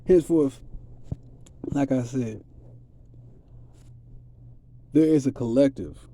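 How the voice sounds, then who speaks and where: A man's voice: mid-range voice, unhurried, dark tone. A man giving a rambling, streetwise spiritual monologue in a casual, preachy way. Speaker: vlogger.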